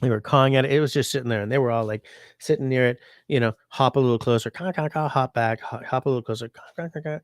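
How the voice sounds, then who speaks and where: A man's voice: medium pitch, fairly even intonation, racing, no echo, clean studio sound. A sick man hosting a casual livestream, rambling and reading viewer comments aloud. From Canada. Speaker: livestream host.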